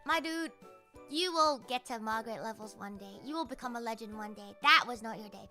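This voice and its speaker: A young woman streamer telling a story casually, animated and full of swearing, often laughing and mimicking other people. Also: on the high side, a little fast, soft background music.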